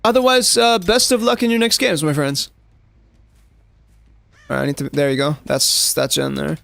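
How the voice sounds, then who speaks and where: A young man talks through his match live, tossing in "like" and chatting to his viewers as he plays. His voice sits a little high with a gravelly rasp. Relaxed, unscripted streaming chatter. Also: normal speed. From South Africa. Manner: casual, chatty, lots of "like" fillers, addresses chat. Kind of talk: live gameplay commentary.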